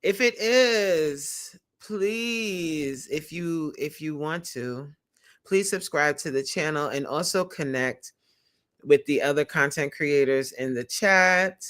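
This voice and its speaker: A woman's voice: low voice, takes it slowly, fairly bright tone. A woman hosting a casual livestream, chatty, laughing often and reading viewer comments aloud. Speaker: livestream host and creator coach.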